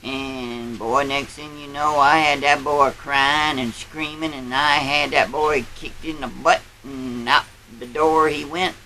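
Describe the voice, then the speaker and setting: A man's voice: mid-range voice, fairly even intonation, slow, hardly any pauses, pushed and bright, a little hiss or hum, poor audio. A man playing a boastful old country grandpa, telling a rambling tall tale in a folksy drawl. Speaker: storyteller. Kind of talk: character storytelling.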